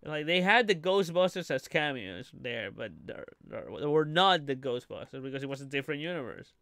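Lively high-voiced man reacting, swearing. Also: brisk, dry recording, studio quality. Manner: animated, profane, laughs often. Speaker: streamer reacting to a trailer. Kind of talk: casual live-stream reaction.

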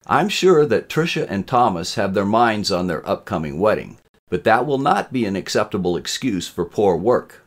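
A man voicing a calm robot classroom instructor with a resonant baritone and a measured, lecturing manner.

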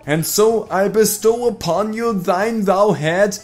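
A man's voice: high voice, slow, faint music behind, voice pushed up. A man voicing a pompous game quest giver who speaks in a grandiose, fake old-fashioned way. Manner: grandiose, archaic phrasing.

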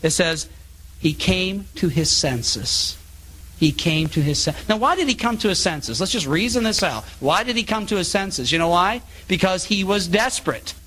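A middle-aged man giving a sermon-style public talk, animated and acting out the voices of people in his stories. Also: sits high, fairly quick, few pauses. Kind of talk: sermon with anecdotes. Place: meeting hall.

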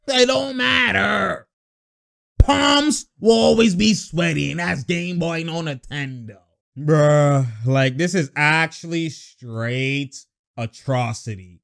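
A man with a high voice reacts to a basketball game in loose, slangy chat. He laughs a lot, shouts at the plays, then rants at length about a player. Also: unhurried, creaky. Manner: excitable, slangy, laughs often, yells at plays. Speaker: sports reaction vlogger. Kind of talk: casual live game reaction and rant.

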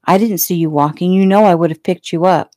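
A woman voicing a jealous, bullying small-town male police officer who talks loud and pushy. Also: sits high, steady tone, a little fast, no echo, clean studio sound, lightly acted. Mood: defensive.

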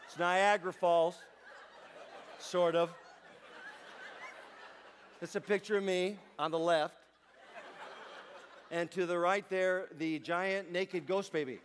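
A man doing stand-up comedy, telling stories on stage to a live audience in a playful, chatty way with deadpan asides. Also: high voice, slow pace, long pauses, slight background noise.

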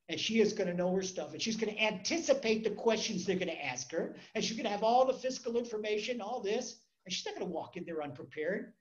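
Conversational rabbi, muffled recording. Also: male voice, sits high. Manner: conversational, repeats words, acts out stories. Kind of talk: Torah class.

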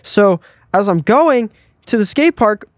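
A young man tells a tale from his past with lively, fast-shifting energy, full of fillers like "you know what I mean". His voice sits a bit high for a man and sounds close and dry, with no room echo. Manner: animated, acts out quotes with frequent "like" and "you know what I mean". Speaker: guest skateboarder. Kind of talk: casual storytelling.

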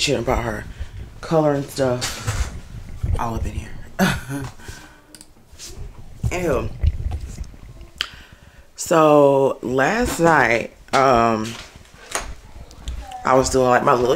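A woman vlogging casually from her kitchen at home, her voice hoarse and raspy from a sore throat, chatting straight to her viewers and laughing often. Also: rumbling low, a little hiss or hum. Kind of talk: casual vlog chat.

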